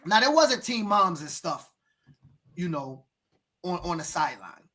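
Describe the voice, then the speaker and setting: On a podcast, a youth football coach tells animated stories and lectures parents in an emphatic, preachy way, sometimes breaking into shouts. His voice is high, with big pitch swings and an unhurried pace.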